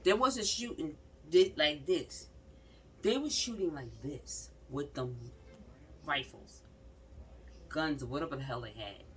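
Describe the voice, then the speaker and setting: A woman's voice: low voice, animated, slow, long pauses. A woman vlogger talking straight to her viewers in an emphatic, repetitive way, hammering each point home more than once. She sits a little away from the mic, and a faint background hiss runs under her voice. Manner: emphatic, repeats herself, talks straight to viewers. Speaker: vlogger commenting on news. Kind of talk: casual commentary. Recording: slightly distant mic with faint background noise.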